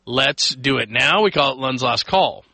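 A man's voice: mid-range voice, expressive, normal speed, heavy background noise. A man hosting a late-night sports radio show from a studio, chatting loosely with plenty of fillers and restarts. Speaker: radio sports talk host.

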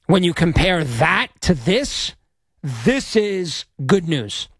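A man hosting a late-night sports talk radio show, energetic and rambling, talking into a studio mic. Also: a little high, takes it slowly, breathy edge, dry recording. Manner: energetic, rambling, self-promoting. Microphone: studio microphone.

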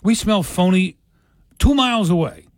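A man's voice: high voice, expressive, no echo. A man from New Jersey co-hosting a radio talk show, chatting casually and rambling from topic to topic with jokes. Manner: chatty, rambling, quick to joke.

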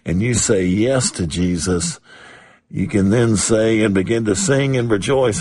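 A male radio preacher with a low, husky voice who delivers a sermon very slowly. He is emphatic and repeats phrases for weight. The sound is close and dry. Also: warm tone, dry recording.

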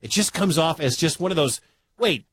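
A man's voice: a little high, animated, a little fast, fairly bright tone, breathy edge, no room sound. A man from the Midwestern US hosting a sports talk radio show, chatty and incredulous.

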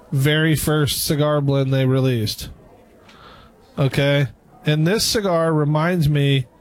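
A man with a somewhat high voice, chatting casually on a cigar review. He rambles a little and trails off before finishing his thoughts. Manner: relaxed, chatty, trails off mid-sentence. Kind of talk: casual chat.

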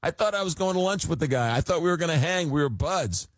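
A radio talk show host, telling a rambling story full of fillers. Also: male voice, on the high side, expressive, fast talker, no echo. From Long Island, New York. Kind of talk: casual call-in radio chat. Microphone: studio microphone.

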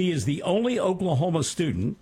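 A man's voice: a little high, sing-song, brisk, dark tone, husky. A man co-hosting a local radio show, chatting about community news with enthusiastic asides. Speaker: radio co-host.

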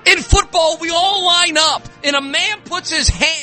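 High, bright-voiced ranting man. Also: unhurried, faint music behind. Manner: exasperated, ranting with many restarts. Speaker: sports talk host. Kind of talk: casual sports talk rant.

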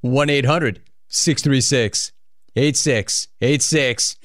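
A man hosting a call-in radio show, bantering and teasing callers in a joking, animated way. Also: medium pitch, slow pace, no echo. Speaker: sports radio host.

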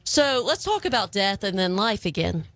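A woman's voice: medium pitch, big pitch swings, moderate pace, fairly bright tone, dry recording. Female radio co-host, playful, giggly, dry close mic. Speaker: radio morning show co-host. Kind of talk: casual on-air banter.

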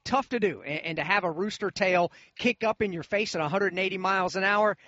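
High-voiced race radio guy, folksy and fired up, muffled dry sound. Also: fairly quick, pushed and bright. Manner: emphatic, folksy, enthusiastic. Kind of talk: live radio sports commentary.

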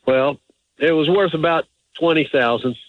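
A man with a slightly high voice calls in to a radio advice show. He tells a rambling, hesitant story, halting and restarting often. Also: narrow, tinny audio. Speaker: caller. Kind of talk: phone-in call.

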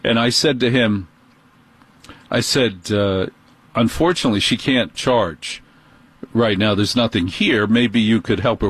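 A middle-aged man with a New York accent hosting a talk radio show, telling an animated, indignant story. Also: on the low side, unhurried, pauses often, slightly rough, dry recording.

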